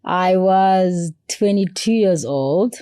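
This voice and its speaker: A South African woman in her thirties, a podcast guest telling stories in an animated, conversational way and acting out quotes. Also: fairly low pitch, takes it slowly, clean tone, no echo, studio quality. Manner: expressive, acts out quotes with playful voices. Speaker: podcast guest, foundation CEO.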